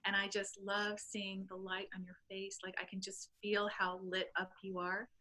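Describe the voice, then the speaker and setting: A woman's voice: mid-range voice, monotone, sharp tone, low-quality recording. Earnest middle-aged woman reading poetry. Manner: slow, earnest, incantatory reading. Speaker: guest author. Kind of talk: reading her own poetry in an interview.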